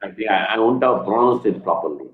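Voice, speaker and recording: Low-voiced Indian-accented man, laughing easily. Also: lively intonation, fast, roomy sound, narrow, tinny audio, slight background noise. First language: Indian language. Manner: apologetic, laughs often. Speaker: visiting speaker. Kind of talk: casual talk after a lecture.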